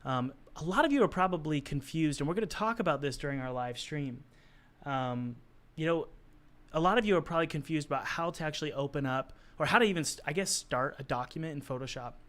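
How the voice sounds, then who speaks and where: Hoarse man teaching on a live stream. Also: on the high side, quick pace, a bit bright. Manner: chatty and encouraging, talks to the chat while working. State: hoarse, losing his voice. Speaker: art instructor hosting a live stream. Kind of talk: casual live-stream tutorial.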